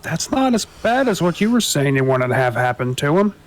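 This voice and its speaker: A man's voice: on the high side, sing-song, brisk. A man playing in a tabletop game, deliberating over his character's choices. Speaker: player.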